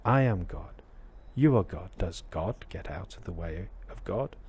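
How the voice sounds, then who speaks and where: A man's voice: sits low, expressive, unhurried, darkish tone, husky, full character voice. A man voicing a young male acolyte, earnest and naive, in a told parable.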